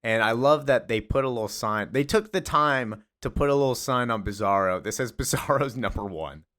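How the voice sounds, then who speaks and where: A man's voice: mid-range voice, fairly quick, fairly bright tone, clean tone. A man casually recapping a comic book, chatty and amused, with a loose, filler-heavy way of talking. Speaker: comics video creator.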